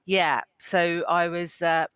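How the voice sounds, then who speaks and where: A man's voice: on the high side, flat delivery, takes it slowly, pushed and bright, clear, resonant tone, dry recording. A man, a psychotherapist telling his life story in a chatty, self-deprecating way as an interview guest. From England. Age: 50s. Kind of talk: interview conversation.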